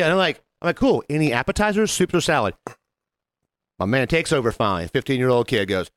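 A man spins a quick, animated story for a podcast and slips into the voices of the people he describes. His pitch jumps all over the place, and his voice sits on the higher side. The sound is close and dry. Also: dry recording. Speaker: podcast co-host. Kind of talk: casual storytelling.

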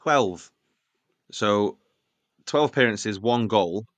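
Man, low voice, dry recording, casual football chat, wry. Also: lively intonation, slow, no room sound. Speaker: football podcast host.

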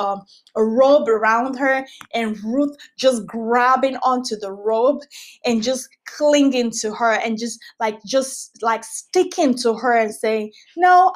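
A woman hosting a Bible study podcast, reading scripture aloud and teaching in a casual, earnest way, often repeating phrases for emphasis. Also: a little high.

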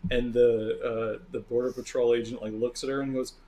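A man's voice: mid-range voice, moderate pace. A man in casual chat about a video game, retelling his playthrough and acting out characters with bursts of laughter. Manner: animated storyteller who acts out game characters.

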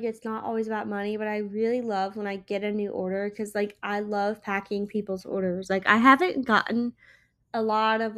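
A young woman talks through her solo podcast in a loose, rambling way, full of filler words. She sounds tired and yawns between thoughts. Her pitch is ordinary for a woman. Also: a bit bright. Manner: chatty, rambling, many "like" fillers. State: tired and yawning. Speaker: podcast host and small business owner. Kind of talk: casual solo podcast chat.

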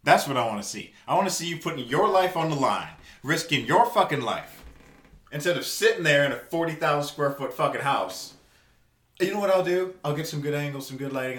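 Angry profane man ranting, bright voice. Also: on the high side, expressive, a little fast, reverberant. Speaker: podcast co-host. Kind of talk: casual podcast rant.

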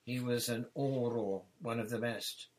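A man voicing an easygoing young adult male wizard explaining things in a relaxed way. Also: mid-range voice, a little slow, a little hiss or hum, pitched above the performer's own voice, lightly acted.

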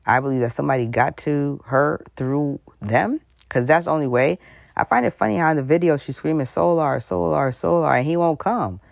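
Brief: gravelly conspiracy vlogger, rambling and suspicious, dry close sound. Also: medium pitch, brisk, no echo. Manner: laughs mid-sentence. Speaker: commentary vlogger. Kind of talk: casual conspiracy commentary.

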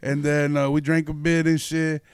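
Young male podcast host, slightly high and smooth voice, dry close sound; loose, profane storyteller. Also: monotone, normal speed, no room sound. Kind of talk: casual storytelling chat.

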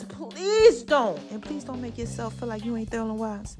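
Animated preachy woman vlogger. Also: on the high side, moderate pace, hardly any pauses, soft background music. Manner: animated, preachy, calls listeners baby and y'all. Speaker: vlogger giving motivational talk. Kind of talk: casual inspirational monologue to viewers.

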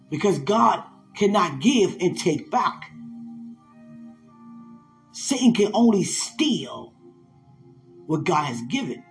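A man's voice: high voice, sing-song, takes it slowly, long pauses, soft background music. A man preaching in a sermon-style podcast, fervent and emphatic, laughing now and then.

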